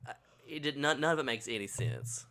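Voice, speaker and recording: A man's voice: medium pitch, expressive, fairly quick, pushed and bright. A man who co-hosts and produces a podcast, chatting casually with teasing, sarcastic banter. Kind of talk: casual chat.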